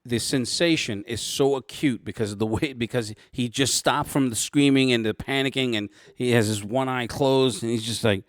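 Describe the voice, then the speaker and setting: A man narrating a tabletop role-playing game as game master, describing scenes in halting, restarting sentences. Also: mid-range voice, no room sound, clean studio sound.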